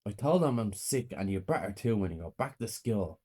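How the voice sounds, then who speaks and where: A man reading a horror story puts on a cold, abusive mother who draws out her threats slowly in a raised, pinched voice. She scolds and menaces with every word. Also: fairly low pitch, expressive, mellow, breathy edge. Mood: menacing. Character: cruel, cold, abusive mother, adult woman.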